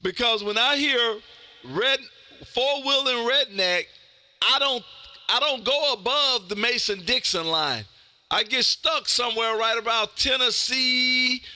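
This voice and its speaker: A man hosting a ham radio stream, loud and folksy, calling out for contacts. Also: extremely high pitch. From Texas.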